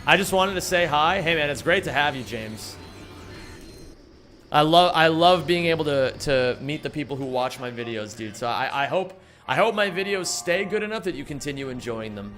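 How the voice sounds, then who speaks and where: With faint music in the background, a young man on stream jokes around, swearing freely and telling meandering stories in put-on voices as he answers chat. He speaks at a normal speed, his fairly high, fairly bright voice full of expression.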